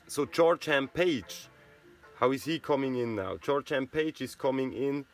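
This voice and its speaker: A man's voice: medium pitch, lively intonation, a little slow, soft background music. Rambling man with a Swiss German accent. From Switzerland. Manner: rambling, with frequent "you know" and "right?" tags. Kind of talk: casual rambling monologue.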